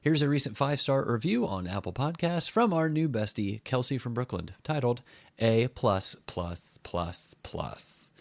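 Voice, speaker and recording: A man's voice: medium pitch, big pitch swings, a little slow, vocal fry, dry recording. A man co-hosting a casual book podcast, playful and jokey. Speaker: podcast co-host.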